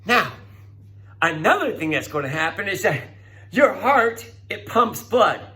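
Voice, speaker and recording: Male teacher, middle-aged, lively classroom lecturer, high bright voice with big swings. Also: a little slow. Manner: animated, coaxing, acts out voices.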